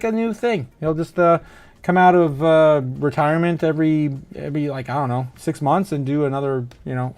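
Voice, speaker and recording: A man hosting a casual livestream, reading out chat comments and news with lots of fillers and frequent laughs. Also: fairly high pitch. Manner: rambling, laughs often, many fillers. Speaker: crypto livestream host.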